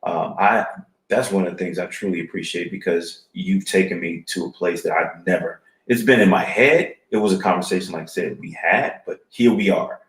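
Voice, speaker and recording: Podcast co-host, 40s, male, deep voice, reflective and halting, echoey studio. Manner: halting, reflective, many restarts. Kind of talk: casual chat.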